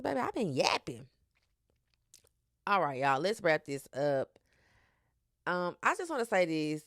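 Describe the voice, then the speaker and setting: A woman hosting her own podcast, talking in a sassy, animated way with slang and cursing. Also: deep voice, clear, resonant tone, dry recording, studio quality. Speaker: podcast host. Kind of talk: casual solo podcast talk.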